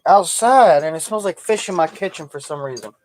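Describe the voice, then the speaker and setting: High-voiced joking man streaming. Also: animated, brisk, slight background noise. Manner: loud, joking, calls out to his audience. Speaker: livestream host. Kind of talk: casual livestream chat. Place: outdoors in a backyard.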